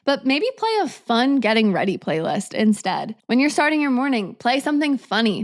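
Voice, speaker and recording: Upbeat chatty young woman, higher voice. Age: 20s. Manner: upbeat, chatty, lots of "like" fillers. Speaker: podcast host. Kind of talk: casual solo podcast monologue.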